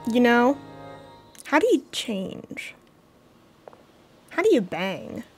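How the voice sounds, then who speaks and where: A young woman with a fairly high, sing-song voice streams a game from a cold room at home, speaking slowly over soft background music. She's chatty and playful, talking directly to her chat as she gives casual commentary on her gameplay.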